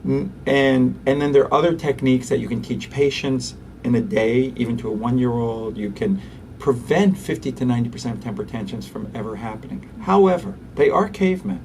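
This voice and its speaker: A man, a pediatrician and interview guest, who talks animatedly and acts out quick voices for parents and toddlers. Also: mid-range voice, a little mellow, recorded from a distance, a little hiss or hum. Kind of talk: conversational interview.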